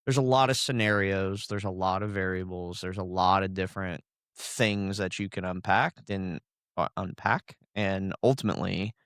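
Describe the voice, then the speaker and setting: Host role: laid-back man, lowish voice, chatty and teasing, dry studio sound. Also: fairly even intonation, normal speed, a bit bright, clean tone, no echo. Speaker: podcast host. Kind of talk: casual chat.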